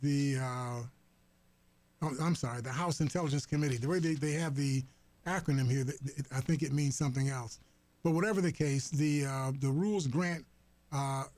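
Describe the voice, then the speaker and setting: A man hosting a talk radio program, commenting on the news in a halting way, full of fillers and restarts. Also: mid-range voice, darkish tone, dry recording. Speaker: radio host. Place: radio studio. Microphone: studio microphone.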